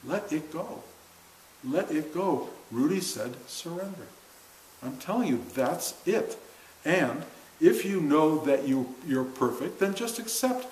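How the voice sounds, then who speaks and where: An older man, a spiritual teacher, gives an informal, earnest, conversational talk to a class seated in a room, often laughing as he speaks. His voice is on the high side, a little mellow and animated, and he talks slowly. The recording has a roomy echo and faint hiss.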